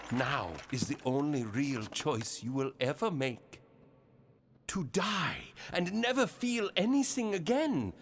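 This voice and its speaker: Game role: a cryptic puppeteer spirit, German accent, slow and solemn, lively pitch. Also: male voice, a little hiss or hum. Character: mysterious male puppeteer spirit, cryptic and commanding.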